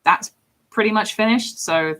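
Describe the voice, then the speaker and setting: An English woman in her thirties with a deep voice, chatting casually and ramblingly on a livestream about voice acting. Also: measured pace, bright, forceful tone. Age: 30s. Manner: rambling and chatty, with frequent fillers and laughs. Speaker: streamer and voice actor.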